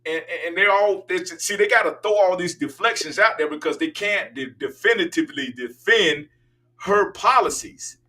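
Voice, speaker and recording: Older male talk host, emphatic ranting delivery, raised pitch, a bit off-mic. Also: moderate pace, sharp tone, far from the mic. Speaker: political talk show host. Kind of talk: opinionated monologue.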